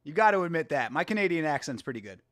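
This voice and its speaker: Excitable high-voiced male host. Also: quick pace. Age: 30s. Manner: excitable, laughs often, slangy. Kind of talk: casual watch-along commentary.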